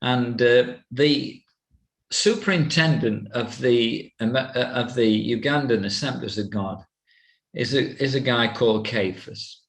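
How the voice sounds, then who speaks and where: An older man giving a personal testimony as an evangelist, slow and halting, with many fillers. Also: mid-range voice. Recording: roomy echo.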